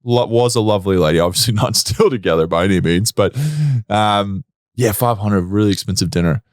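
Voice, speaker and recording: A man's voice: fairly low pitch, no room sound, studio quality. A man hosting a podcast, jokey and playful in casual chat. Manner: jokey, playful, quick to laugh. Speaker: podcast host.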